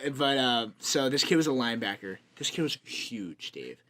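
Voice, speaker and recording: A young man in easy podcast banter, his voice sitting at an ordinary middle pitch. He rambles through stories with loose fillers, laughs a lot and swears without a second thought, talking into a headphone-and-mic setup. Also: animated, normal speed, sharp tone. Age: young adult. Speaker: podcast co-host. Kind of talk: casual chat.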